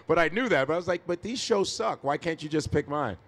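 Animated, foul-mouthed comedian. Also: male voice, on the high side, fast. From Chicago. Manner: animated storyteller, swears freely, laughs often. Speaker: stand-up comedian, podcast guest. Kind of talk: casual interview chat. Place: live podcast stage.

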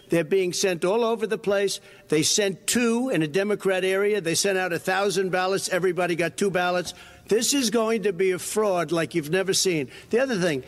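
A man giving a combative, repetitive debate speech, played as a clip with faint music underneath. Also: sits high. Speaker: debating politician.

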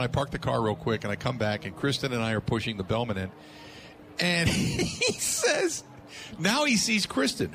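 There's a little hiss or hum behind this mid-range male voice. He's a sports talk radio host animatedly recounting an anecdote, laughing and voicing the quotes of those involved.

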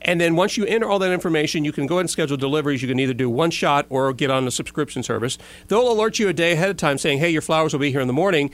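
Lively man chatting on air. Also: a little high, racing, hardly any pauses. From Florida. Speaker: radio show co-host. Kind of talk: casual chat, reading news items.

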